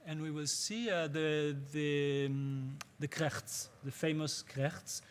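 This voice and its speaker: A man teaching a music workshop, speaking patiently and haltingly as he searches for words in English. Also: a little high, steady tone. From Israel. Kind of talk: spoken workshop lecture.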